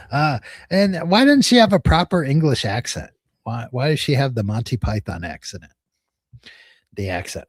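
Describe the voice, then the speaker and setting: A man's voice: mid-range voice, animated, a little slow, pauses often, dry recording. Male host, chatty storyteller, laughs a lot, dry close mic. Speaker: livestream host, attorney. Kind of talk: casual livestream chat.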